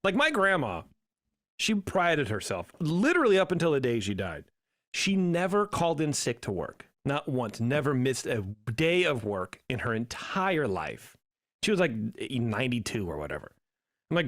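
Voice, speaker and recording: Man, podcast co-host, lively storytelling delivery, close dry mic. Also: mid-range voice, moderate pace, no echo. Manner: animated storyteller, acts out quotes. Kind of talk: casual chat.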